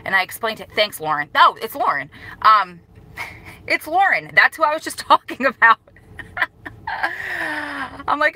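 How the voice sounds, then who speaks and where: A woman vlogger with a higher, animated voice talks casually to camera at a normal speed, pausing often as she fights back tears. She rambles, apologizes, and keeps restarting her sentences. The sound is pushed and bright, and the recording quality is low.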